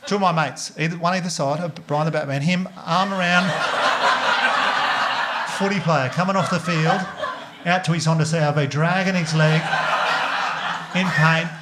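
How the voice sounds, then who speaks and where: An Australian man doing stand-up comedy, telling a story with animated delivery, swearing and acting out the other characters. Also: moderate pace, pauses often. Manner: animated, swearing, acts out voices with big pitch jumps. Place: comedy club stage before a laughing audience. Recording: comedy club with audience noise.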